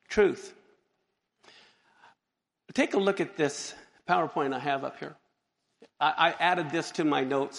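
A man preaching a sermon to his congregation, animated and joking, reading verses and pausing to exclaim. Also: a little high, gravelly. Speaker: pastor. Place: church sanctuary. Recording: long hall reverb.

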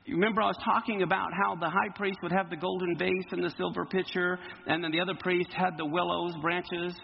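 A man preaching a sermon in an animated way, quizzing his congregation, recorded in a hall with dull lo-fi sound and faint noise. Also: sits high, fairly quick, creaky.

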